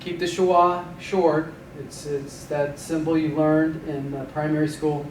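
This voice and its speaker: A man teaching a vocabulary lesson, slowly pronouncing each word and pausing for students to repeat. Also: on the high side, flat delivery, darkish tone. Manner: slow, patient, repeats each word with pauses. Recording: echoey room, voice a bit far from mic, faint hiss.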